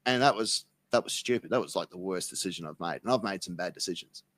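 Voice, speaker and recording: A man with an Australian accent, a podcast guest who swears freely while telling deadpan tall tales in casual chat. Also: low voice, quick pace, no room sound. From South Melbourne, Australia. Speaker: interview guest.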